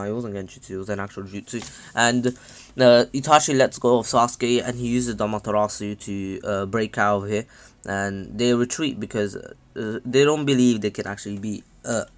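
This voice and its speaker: A man's voice: fairly low pitch, fairly bright tone. A man casually recapping a fan story, hesitant, with many fillers and self-corrections. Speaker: channel host.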